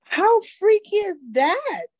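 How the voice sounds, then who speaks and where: A woman's voice: very high voice, very animated, takes it slowly, darkish tone, dry recording. A woman co-hosting a podcast in casual chat, often chiming in with short agreements and joking along. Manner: frequent affirming interjections, playful. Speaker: podcast co-host.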